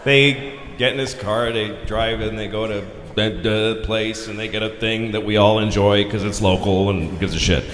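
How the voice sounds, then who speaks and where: Man, stand-up comic, crude storytelling, shouted punchlines, echoey room, audible noise. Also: on the low side, fairly even intonation, normal speed, few pauses. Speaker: comedian.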